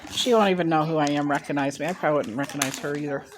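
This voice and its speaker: A woman in her sixties from Ohio tells a story in a somewhat low voice. She rambles and drifts into side remarks as she goes. It is recorded on a phone held at arm's length. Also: racing, noisy background. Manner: rambling, chatty, with asides. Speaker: mukbang vlogger. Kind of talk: casual storytelling to camera. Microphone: handheld phone.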